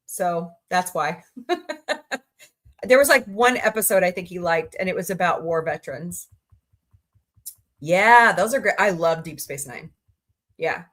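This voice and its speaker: A woman's voice: moderate pace, fairly bright tone. A woman hosting a casual livestream, rambling happily, greeting viewers by name and laughing easily. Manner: chatty, rambling, reads chat aloud and greets viewers; laughs easily, voices reactions with sudden high squeals. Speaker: livestream host.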